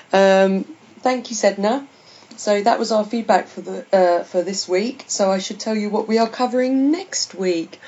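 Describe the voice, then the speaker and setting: A woman's voice: medium pitch, warm tone, breathy edge, lo-fi sound. Chatty, laughing woman podcast host. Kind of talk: casual chat.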